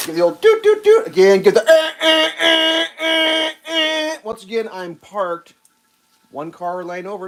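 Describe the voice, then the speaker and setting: A man hosting a livestream, telling a rambling, profane story while he cooks and loudly acts out the quotes. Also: sits high, a little hiss or hum, poor audio. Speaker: livestream host. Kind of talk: casual storytelling while cooking.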